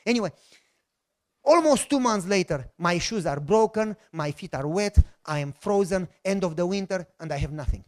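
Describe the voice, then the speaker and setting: Speaking at a normal speed in a high-sitting voice, this middle-aged man with a Romanian accent preaches a sermon built around his own testimony. He tells it with animation, performing the voices of the story's characters.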